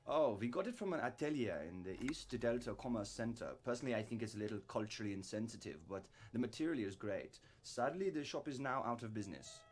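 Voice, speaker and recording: An actor playing a smooth, polished male government official with a put-on French-sounding accent, in a video game. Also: medium pitch, lively intonation, fast, hardly any pauses, close to an everyday voice. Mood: evasive.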